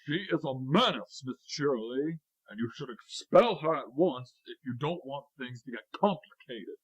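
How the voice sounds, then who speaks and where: A pompous, rich stallion voiced by a woman in a fan-made cartoon, sneering and cold. His voice is low and husky, but it swings up and down a great deal. The sound is dry and slightly dull, like a lo-fi recording. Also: lively intonation, normal speed, dry recording, full character voice. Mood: contemptuous. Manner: contemptuous, sneering. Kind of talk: fan-made animated film dub.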